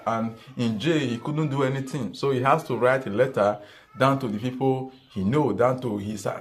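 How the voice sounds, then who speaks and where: A man talks straight to his viewers in an earnest monologue, circling back over the same points. He stumbles and restarts mid-sentence, and his voice sits at an ordinary middle pitch. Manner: earnest, repetitive, frequent restarts. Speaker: vlogger. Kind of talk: political commentary monologue.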